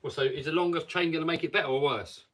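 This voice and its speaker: A man hosts a casual live stream and reads viewer comments aloud as he chats. His voice sits a little high and comes from some distance away from the microphone. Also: steady tone, fast talker.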